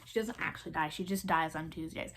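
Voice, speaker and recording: A woman's voice: sits low, fast, fairly bright tone, breathy edge. Chatty Southern woman in her twenties. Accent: Southern American. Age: 20s. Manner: chatty, rambling, many fillers and restarts. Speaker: vlogger. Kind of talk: casual chat.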